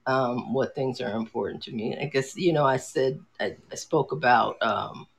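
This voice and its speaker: A woman's voice: very deep voice, normal speed, creaky, breathy edge. A middle-aged woman chatting casually as a podcast co-host, rambling and hesitant with many restarts and fillers. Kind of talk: casual chat.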